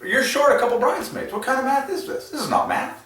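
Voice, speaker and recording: A man's voice: very high voice, big pitch swings, fast, fairly bright tone, distant mic, voice pushed up, exaggerated voice. A man voicing an exasperated male wedding usher who keeps asking indignant questions about the numbers. He sounds like he is in an echoey room away from the mic. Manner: outraged questioning, repeats "my brother".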